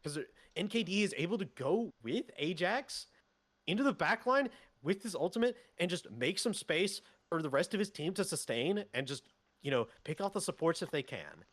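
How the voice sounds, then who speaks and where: A male esports analyst with a slightly high, lively voice that rises and falls freely. He breaks down what each team is doing and stumbles on his restarts. The sound is dry and close, like a headset mic. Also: normal speed, no echo. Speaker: esports co-caster.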